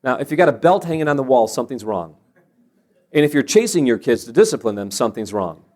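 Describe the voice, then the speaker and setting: A man's voice: on the high side, expressive, very fast, mellow. A man giving an earnest sermon-style talk on parenting, telling stories and often restarting phrases as he builds his point. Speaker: Christian parenting speaker. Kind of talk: sermon-style teaching with anecdotes.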